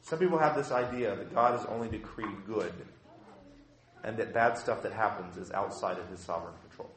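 A man preaching a sermon as a pastor, impassioned and shifting between quiet and loud passages. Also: fairly low pitch, fairly quick, echoey room.

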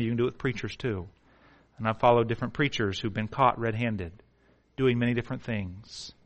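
A man preaching a sermon, firing rhetorical questions and swinging between loud emphatic bursts and hushed, slow passages. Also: medium pitch.

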